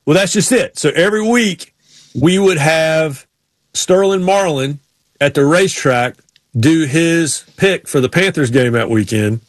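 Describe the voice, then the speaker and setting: Male podcast host, casual storyteller, fairly high voice, dry close sound. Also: measured pace, no echo. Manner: storytelling, imitates drawling racers. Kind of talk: casual sports chat.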